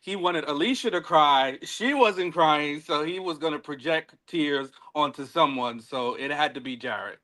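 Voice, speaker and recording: A man co-hosting a casual recap podcast, animated, laughing often and stumbling over repeated words. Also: fairly high pitch, measured pace, hardly any pauses. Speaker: podcast co-host. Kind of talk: casual reality-show recap chat.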